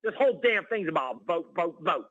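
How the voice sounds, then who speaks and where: A male caller on a talk radio show, ranting excitedly and calling the host by name over and over. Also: a little high, moderate pace, dry recording, muffled recording. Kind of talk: heated call-in rant.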